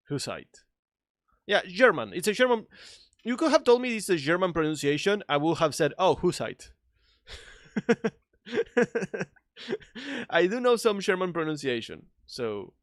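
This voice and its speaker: A man with a non-native English accent streaming a video game, chatting excitably, laughing and swearing often. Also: on the high side, no echo, studio quality. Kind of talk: casual live-stream chat.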